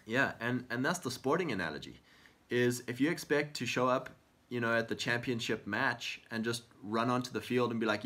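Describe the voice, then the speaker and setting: A man's voice: mid-range voice, brisk, pushed and bright. Earnest man giving Christian encouragement. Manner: earnest and encouraging, often acts out prayers in quotes. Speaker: co-host of a faith talk show.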